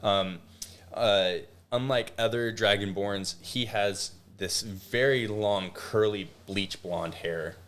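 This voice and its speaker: A man's voice: fairly low pitch, slow, a bit bright. A man narrating a tabletop game as game master, casual and full of restarts. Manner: casual, many fillers and restarts.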